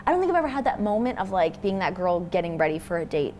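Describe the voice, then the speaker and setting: A woman's voice: on the low side, big pitch swings, quick pace, darkish tone. A young woman from Toronto talks through an interview in a loose, rambling way, full of "like" and half-finished thoughts. Her voice rises and falls a lot as she goes. A faint background hum sits under the recording. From Toronto, Canada. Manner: chatty, rambling with many fillers and likes. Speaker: interview guest. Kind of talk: casual interview chat.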